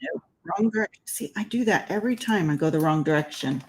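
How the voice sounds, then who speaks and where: A woman's voice: on the low side, fairly quick, low-quality recording. A woman giving a casual crafting tutorial, chatting as she works and laughing at her own slips. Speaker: card-making demonstrator.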